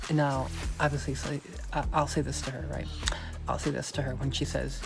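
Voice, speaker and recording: Here the dating coach's voice is gravelly and brisk, medium in pitch and level in tone, with music playing underneath. His podcast monologue stays cocky and foul-mouthed, driving each point again and again at "you guys."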